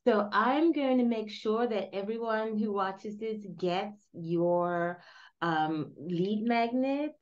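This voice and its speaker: A woman host with a non-native English accent, speaking in an encouraging, slightly halting way. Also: medium pitch. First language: not English. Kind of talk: casual interview chat. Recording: dull lo-fi audio.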